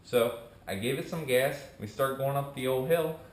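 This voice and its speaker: A young vlogger setting up his channel speaks at a moderate pace with a medium-pitched voice. The echoey room carries his casual, rambling, animated tale, complete with acted-out lines from friends.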